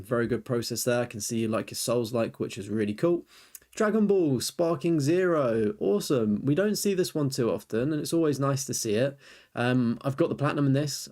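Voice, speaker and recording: A man's voice: mid-range voice, a little mellow. A young man chatting casually on a live stream, rambling as he reviews viewers' lists and answers chat.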